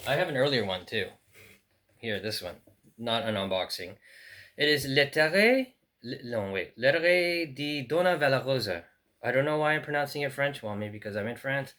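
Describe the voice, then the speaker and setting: A man talks through an unboxing in a loose, casual way, stopping to think and restarting his sentences. His voice sits at an ordinary middle pitch. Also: fairly bright tone. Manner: rambling, thinking aloud with fillers and restarts. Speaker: book collector. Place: in France.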